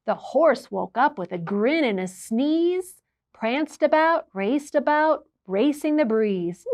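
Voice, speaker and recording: A slow, fairly high, creaky female voice belongs to a children's librarian. She reads from a picture book with lively storytelling, pausing to ask the listeners questions.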